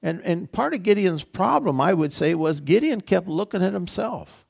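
A man's voice: sits high, expressive, normal speed, vocal fry, slightly rough. A male pastor giving a sermon in a conversational way, repeating phrases and asking the congregation rhetorical questions. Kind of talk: sermon teaching.

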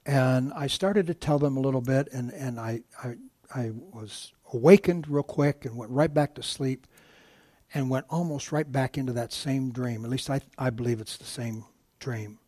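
A man's voice: mid-range voice, moderate pace, mellow, dry recording. A man giving a sermon as a guest preacher, telling a story with many restarts and asides to the congregation.

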